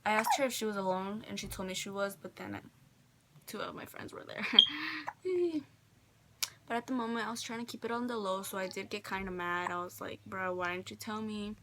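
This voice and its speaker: A teenage girl vlogging casually from a bedroom, telling a personal story softly with many fillers, sometimes dropping near a whisper. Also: mid-range voice, lively intonation, fairly quick. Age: teens. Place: indoor bedroom, holding a baby. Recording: noticeable background noise.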